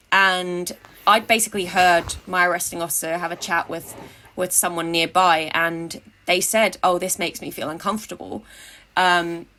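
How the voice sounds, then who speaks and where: A woman's voice: fairly low pitch, bright, forceful tone. Wry young woman telling stories. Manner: wry, tongue-in-cheek, halting with fillers. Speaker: interviewee, activist. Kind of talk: casual anecdotal storytelling.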